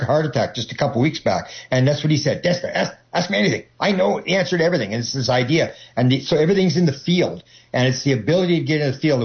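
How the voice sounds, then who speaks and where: A man's voice: mid-range voice, lo-fi sound. Rambling man with many restarts. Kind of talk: conversational explanation.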